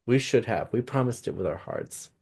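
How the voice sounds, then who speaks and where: A man's voice: mid-range voice, expressive, moderate pace, creaky, a little mellow, husky. A man co-hosting a podcast, chatting casually and teasing his partner in playful banter. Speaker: podcast co-host. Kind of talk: casual chat.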